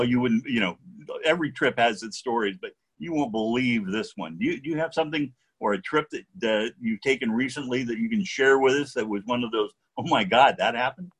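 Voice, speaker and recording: A man hosting an interview, casual, with lots of quick affirmations and stammered questions. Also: mid-range voice, slightly rough. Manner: encouraging, many short affirmations, stammers when asking. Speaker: podcast host.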